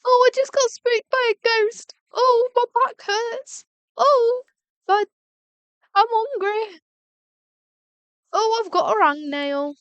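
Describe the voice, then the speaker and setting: A woman's voice: fairly bright tone, dry recording, lo-fi sound, heavily acted. Woman mimicking a whiny moaning lady. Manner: high whining mockery, drawn-out sighs.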